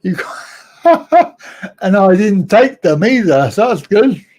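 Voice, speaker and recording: A man hosts a casual live-stream chat in an unhurried drawl. His voice sits fairly high yet sounds soft and mellow, and he rambles, second-guesses himself and ribs his viewers with a chuckle. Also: animated. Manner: rambling, chuckling, self-correcting, teasing viewers. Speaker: host of a live chat show.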